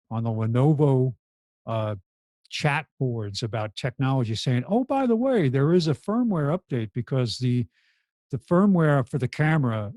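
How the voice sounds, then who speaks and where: A man co-hosting a casual tech talk show over a video call, talking in an emphatic, animated way. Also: mid-range voice, no room sound. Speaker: co-host. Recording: dry close mic over a video call.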